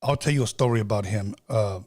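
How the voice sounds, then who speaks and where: A middle-aged man hosting a podcast, telling stories in a loose, animated way with slang and cursing. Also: on the low side, fast. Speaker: podcast host. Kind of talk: casual storytelling chat.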